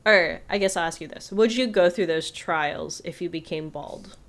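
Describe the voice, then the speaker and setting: A woman's voice: on the low side, normal speed, fairly bright tone. Easygoing young woman co-hosting a podcast. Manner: easygoing, asks questions, laughs often. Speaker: podcast co-host. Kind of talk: casual chat.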